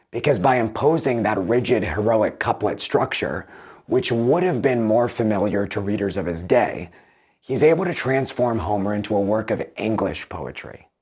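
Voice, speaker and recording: Low husky man explaining thoughtfully. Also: a little mellow. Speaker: video host reviewing book translations. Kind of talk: explanatory commentary with read-aloud passages.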